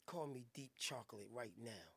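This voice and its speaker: A man voicing a deep-voiced, smooth male seducer who murmurs low, teasing lines. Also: lively intonation, normal speed, bright, forceful tone, heavily acted. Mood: seductive.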